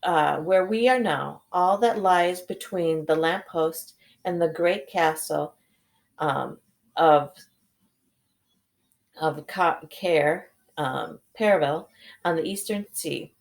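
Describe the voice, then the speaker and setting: A woman's voice: low-pitched, slow pace, creaky, heavily acted. Woman reading as a polite, fussy male faun. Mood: courteous. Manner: formal and courteous.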